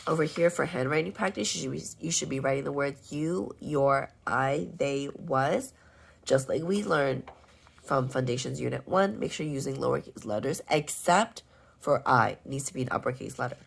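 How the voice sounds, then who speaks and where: A woman teaching first graders, going over their homework and spelling out sight words slowly and clearly. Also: rumbling low, lively intonation, a little hiss or hum. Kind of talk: homework walkthrough lesson.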